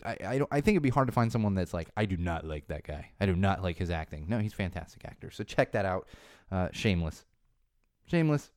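A man in his thirties from the Chicago area rambles through a casual podcast monologue, quick and sarcastic. His voice is low-set and smooth. It is recorded close and dry, with no room sound. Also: a little mellow, no echo. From Chicago area, USA. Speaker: podcast host. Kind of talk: casual solo podcast chat.

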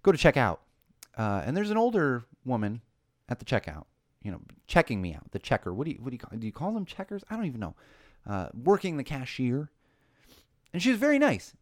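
A man in his thirties hosting a casual chat show, telling stories in a lively way and building to a passionate point. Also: medium pitch, quick pace, dry recording, studio quality. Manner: animated storytelling, rising to passionate emphasis. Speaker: podcast host.

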